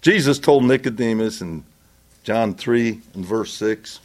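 Man, sermon, unhurried, mid-pitched, earnest and impassioned. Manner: slow, deliberate, rising to impassioned pleading. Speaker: preacher.

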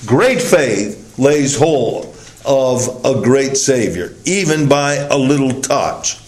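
A man preaching a sermon, leaning hard on key words with long pauses and sudden drops to a low, quiet voice. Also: animated, roomy sound, slight background noise, rough recording. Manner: emphatic, drawn-out stresses with sudden drops in pitch and volume.

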